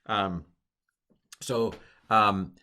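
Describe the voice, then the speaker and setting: A man's voice: fairly low pitch, fairly even intonation, extremely slow, bright, forceful tone, smooth. A middle-aged man teaching a recorded grammar lesson, explaining casually with chatty asides and restarts.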